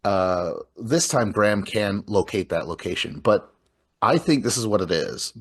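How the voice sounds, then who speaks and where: A man with a somewhat low voice talks loosely through a film. He rambles, swears freely and breaks into laughter as he goes. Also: animated, a little slow, slightly rough. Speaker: podcast host. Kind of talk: casual movie discussion.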